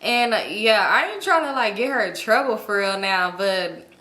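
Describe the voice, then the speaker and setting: Her voice echoing off the room, a thirtysomething storytime vlogger recounts events to her viewers with plenty of cursing. It's casual and animated, with sudden upward jumps in pitch as she gets worked up.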